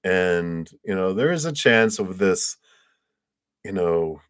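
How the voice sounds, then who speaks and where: A man's voice: low-pitched, animated, slow pace, fairly bright tone, clear, resonant tone. A man giving a casual, upbeat and reassuring tarot reading on a livestream, a little drowsy and yawning. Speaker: tarot reader.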